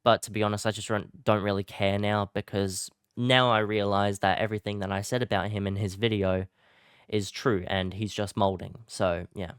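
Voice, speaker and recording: A young man talking through a casual commentary recap in a low, smooth voice. He sounds relaxed and self-deprecating, with filler "uh"s along the way. The recording is close and dry. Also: normal speed, dry recording. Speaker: YouTube commentary creator.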